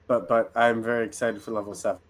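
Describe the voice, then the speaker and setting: A man's voice: on the low side, flat delivery, fast talker. A man playing in a tabletop game, talking eagerly about his character's rules in casual chat. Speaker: player.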